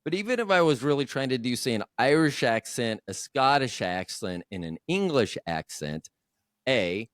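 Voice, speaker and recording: A man's voice: mid-range voice, very animated, normal speed, no room sound, studio quality. A man hosting a casual podcast chat, rambling and joking at his own expense. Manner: joking, rambling, self-deprecating. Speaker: podcast host.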